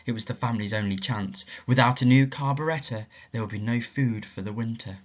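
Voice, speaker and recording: Expressive storytelling male teacher, muffled. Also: mid-range voice, fairly quick. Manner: expressive, asks the children questions. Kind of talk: storytelling at a school assembly. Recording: dull, muffled lo-fi recording.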